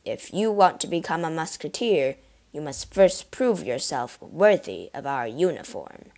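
A woman's voice: deep voice, sing-song, a little slow, darkish tone, exaggerated voice. A woman voicing a stern, scornful male captain of musketeers in a storybook reading, snapping at his men.

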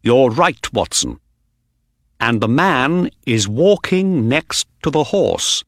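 A man voicing a confident, sharp-minded detective in an audiobook, speaking in a calm, assured way. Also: medium pitch, slow pace, dry recording, clean studio sound, voice pushed up, exaggerated voice. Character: sharp, confident male detective, middle-aged. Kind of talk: audiobook character reading.

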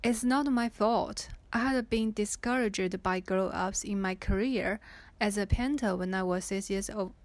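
A woman reading a book aloud and explaining it in a careful, unhurried way with pauses and fillers. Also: medium pitch, no echo. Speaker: reader and explainer.

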